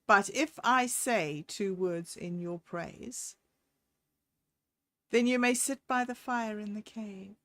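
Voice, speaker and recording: A woman voicing a wise, scornful cave-dwelling wife who speaks loudly and firmly. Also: mid-range voice, slow, dry recording.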